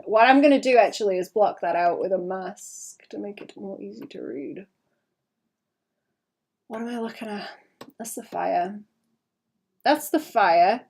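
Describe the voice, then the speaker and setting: A woman's voice: mid-range voice, darkish tone. Rambling British woman streaming her art. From Britain. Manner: rambling, self-mocking, often trails off to mutter. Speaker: streaming artist. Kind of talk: casual stream chat while drawing.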